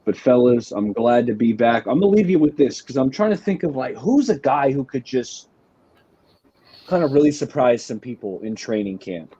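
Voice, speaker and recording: Laid-back guy giving hot takes, kinda husky and dark, dull dry mic. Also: medium pitch, moderate pace, dry recording. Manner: relaxed, opinionated, calls his co-hosts fellas. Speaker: podcast co-host. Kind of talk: casual chat.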